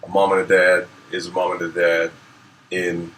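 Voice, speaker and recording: Man from Saint Croix, reflective and unhurried, low and even, heard from across an echoey room. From Saint Croix, US Virgin Islands. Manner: reflective, with many fillers and restarts. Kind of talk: casual conversation. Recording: roomy, from some distance, faint noise.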